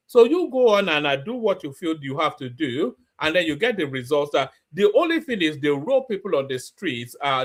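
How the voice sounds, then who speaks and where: Guy riffing on the news, bit high voice, swings all over, mocking. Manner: mocking, animated, many fillers and restarts. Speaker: commentary channel host. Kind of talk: casual news commentary.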